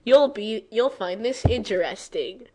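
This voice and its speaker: A sweetly insistent female pony scientist from a cartoon world, read aloud by a woman, coaxing and overly cheerful. She speaks at an unhurried pace, and her pitch moves around a lot. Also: expressive, dark tone.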